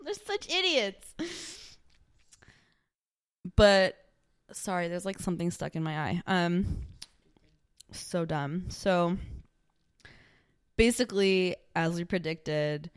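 A woman's voice: fairly low pitch, slow pace, long pauses, clear, resonant tone. A young woman co-hosting a casual podcast, rambling through a TV recap with lots of "like" fillers and frequent laughter. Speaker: podcast co-host. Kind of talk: casual chat recapping a TV show.

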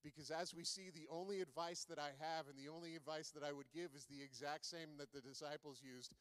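A man's voice: fairly high pitch, fairly even intonation, brisk, a bit bright, smooth. A man preaching a sermon in a conversational way, asking the listeners many rhetorical questions. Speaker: pastor. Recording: long reverb of a large hall.

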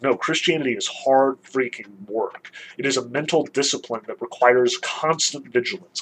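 Husky man lecturing emphatically. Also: fairly high pitch, fairly bright tone, low-quality recording. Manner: emphatic, conversational explaining. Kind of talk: literature lecture.

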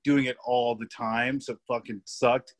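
A young man chatting as a podcast guest, his voice sitting in an ordinary middle pitch. He rambles loosely, stacking fillers, laughing mid-sentence and swearing casually as he tells stories. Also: little pitch movement, a little slow. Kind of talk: casual storytelling chat.

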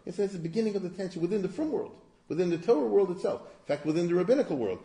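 A man's voice: high-pitched, animated, very fast, mellow, roomy sound. A man giving an informal lecture in a conversational, digressive way, often asking the audience rhetorical questions. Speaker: history lecturer.

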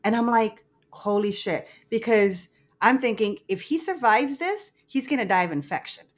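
A woman's voice: fairly high pitch, lively intonation, normal speed. A woman co-hosting a podcast, recapping a movie in casual, profane chat with frequent giggling. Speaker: podcast co-host.

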